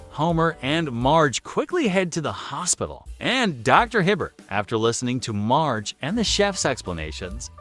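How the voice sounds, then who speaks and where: Lively male episode recap narrator. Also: medium pitch. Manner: chatty, with offhand asides. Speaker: video narrator.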